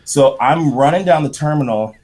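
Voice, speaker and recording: A middle-aged man, a podcast guest, telling a profane, animated story in casual talk. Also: a little high, moderate pace. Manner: profane, animated anecdote with shouted quotes.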